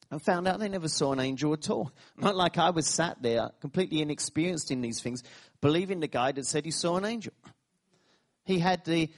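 A man preaching a sermon, telling stories with laughing asides, repeated phrases and sudden bursts of emphasis. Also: on the high side. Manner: animated storytelling, laughing asides, repetitions.

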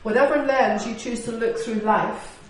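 A woman's voice: on the high side, moderate pace. Irish woman preaching in an echoey hall. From Northern Ireland or Ireland, living in Britain. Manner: animated preaching, rhetorical questions, acted-out quotes. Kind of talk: sermon. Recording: echoey hall, distant mic, faint noise.

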